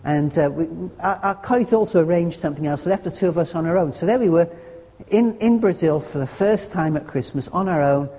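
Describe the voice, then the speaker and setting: A man's voice: on the high side, a little fast, mellow. A man preaching a sermon, earnest and conversational, with homely humorous asides. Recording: long hall reverb.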